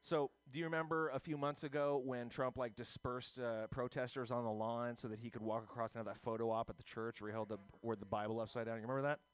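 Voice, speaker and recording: A man's voice: medium pitch, steady tone, fast talker, few pauses, no echo. A man hosting a loose comedic radio show, joking and rambling as he sets up bits and impressions. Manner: joking, rambling, doing silly voices.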